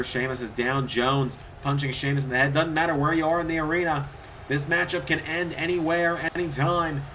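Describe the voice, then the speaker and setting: A man calling a wrestling video game match play-by-play on his own. His voice is fairly high and bright. It jumps up in pitch and volume at the big spots, and a faint hiss sits under the recording. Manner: excitable, rises in pitch and volume at big moves. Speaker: play-by-play commentator.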